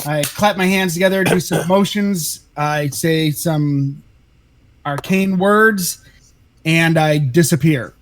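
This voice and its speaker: A man's voice: on the high side, takes it slowly. A man playing in a tabletop game, describing his character's actions in a tentative way. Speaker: player.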